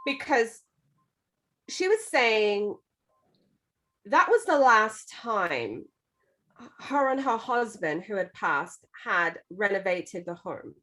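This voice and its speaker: A woman's voice: medium pitch, sing-song, slow pace, pauses often, fairly bright tone. A woman co-hosting a casual podcast about a book, retelling it at length. She talks conversationally and keeps dropping in "you know" as she goes. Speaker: podcast co-host.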